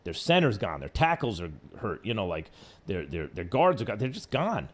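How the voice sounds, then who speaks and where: This sports talk radio host speaks at a moderate pace in a lowish voice. Working from a studio, he argues his case with energy and peppers it with mocking remarks.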